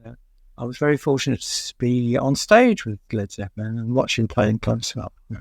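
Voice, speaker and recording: Gravelly older English storyteller. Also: male voice, mid-range voice, brisk, no echo, clean studio sound. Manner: rambling, many "uh" fillers, chuckles at his own stories. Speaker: music journalist guest. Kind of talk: anecdotal interview storytelling.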